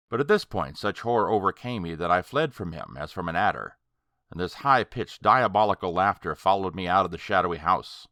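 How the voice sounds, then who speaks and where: A man narrating a horror story audiobook in a slow, dramatic, deliberate way. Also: deep voice, animated, sharp tone, dry recording, clean studio sound.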